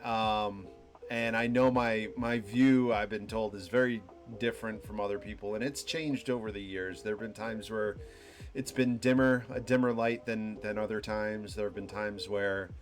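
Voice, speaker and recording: Young male streamer, lowish voice, rambling reflective monologue full of restarts, faint music underneath. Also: steady tone. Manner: halting, many restarts and fillers, laughs at own stories. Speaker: streamer hosting a live talk show.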